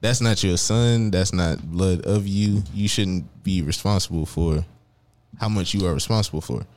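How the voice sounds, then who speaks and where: A man's voice: low-pitched, normal speed, darkish tone. A young man co-hosting a podcast, talking frankly and earnestly in casual chat, giving advice to a friend. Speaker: podcast co-host.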